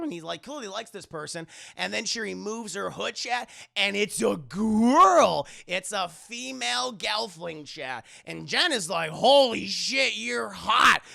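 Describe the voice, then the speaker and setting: A man streaming live, excitedly recapping a film with swearing and constant asides to his chat. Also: high voice, gravelly. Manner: excitable, profane, keeps addressing chat.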